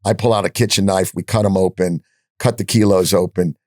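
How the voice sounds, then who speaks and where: Speaking fairly quickly, this older podcast guest tells stories in an interview with a fairly low voice, cursing freely and acting out the dialogue of those he quotes. The recording is dry and close-miked, with no room sound.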